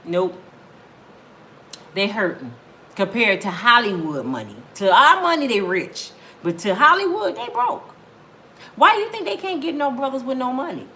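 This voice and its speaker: A woman's voice: fairly high pitch, very animated, normal speed, sharp tone, a little hiss or hum. A woman in her fifties hosting a celebrity gossip channel, chatty and talking straight to her viewers.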